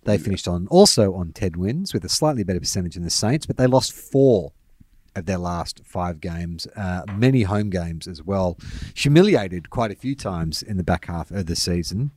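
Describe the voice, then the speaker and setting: A young Australian man co-hosting a loose sports podcast, his voice sitting fairly low. He pokes fun at himself, laughs easily and trails off into fillers. The sound is close and dry. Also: lively intonation, normal speed, darkish tone, no echo. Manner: self-mocking, laughs often, trails off with fillers. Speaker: podcast co-host. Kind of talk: casual sports chat.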